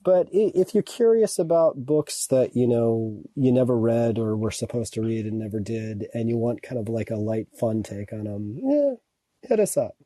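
A man's voice: mid-range voice, lively intonation, normal speed, mellow, no echo. A man speaking as a podcast guest, talking in a loose, rambling, ironic way. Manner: loose, self-deprecating and ironic. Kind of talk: casual interview chat.

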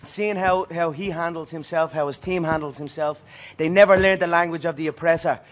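A man's voice: a little high, fairly even intonation, fairly quick. Boastful man trash-talking. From Ireland. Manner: boastful, rhyming. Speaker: fighter. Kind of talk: trash talk.

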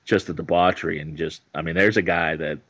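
A male stand-up comedian chatting as a podcast guest, rambling with halting restarts. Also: deep voice, steady tone, fairly bright tone, breathy edge. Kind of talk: casual podcast interview.

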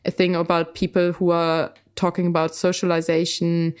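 A woman's voice: lowish voice, completely flat delivery, moderate pace, a little mellow, smooth. A woman co-hosting a podcast, rambling in casual conversation with many fillers. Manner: rambling, heavy use of fillers. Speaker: podcast co-host.

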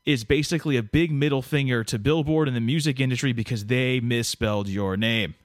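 A man's voice: medium pitch, brisk, no room sound, clean studio sound. A man hosting a podcast, chatting casually and jokily with a guest, full of fillers and restarts. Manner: rambling, jokey, many restarts and fillers. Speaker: podcast host. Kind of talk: casual interview chat.

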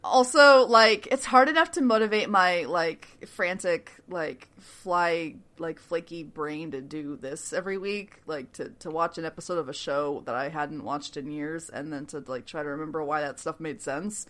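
A woman's voice: deep voice, normal speed, few pauses, a bit bright. A woman co-hosting a podcast in casual chat, rambling, swearing and laughing often. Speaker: podcast co-host.

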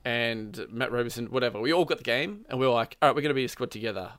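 Bright, rambling young man chatting. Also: mid-range voice, rapid-fire, no echo, studio quality. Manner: rambling storytelling, lots of fillers. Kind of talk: casual chat.

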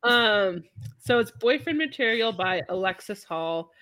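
A woman's voice: medium pitch, expressive, unhurried, fairly bright tone, no echo, clean studio sound. A woman co-hosting a podcast, recommending a book in casual, rambling chat with many fillers. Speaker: podcast co-host.

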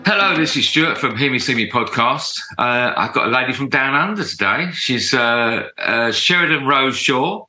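A man's voice: mid-range voice, expressive, normal speed, few pauses, reverberant, soft background music, rough recording. A man hosting a podcast who asks rambling, friendly questions and often repeats himself. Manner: warm, rambling, apologetic questions with many repeated yeahs. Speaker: podcast host. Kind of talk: casual interview.

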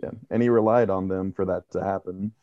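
A man co-hosting a casual discussion, speaking in a measured way with many fillers. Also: low voice, steady tone, mellow, no room sound. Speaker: podcast co-host. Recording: dull dry lo-fi sound.

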